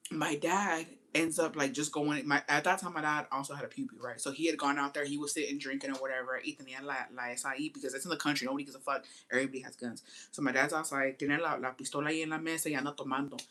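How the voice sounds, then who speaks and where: A woman's voice: low-pitched, quick pace. A young woman from Texas telling a personal story in a casual, profane, slangy way. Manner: profane, slangy, animated retelling. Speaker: storytime vlogger.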